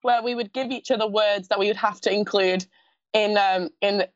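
This young Scottish pageant contestant, a young adult with a mild lisp, is chatty and giggly in a casual interview and keeps restarting her sentences. Her mid-range voice holds a steady tone at normal speed, and the dull audio has no room sound.

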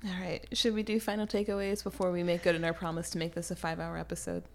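Woman, podcast co-host, casual book chat, animated, laughs a lot, lowish voice. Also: quick pace. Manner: animated, laughs often, acts out quoted lines.

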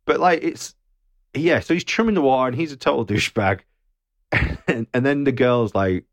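A man co-hosting a casual film review podcast, animated and swearing, acting out lines from the film. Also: mid-range voice, normal speed, no echo. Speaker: podcast co-host.

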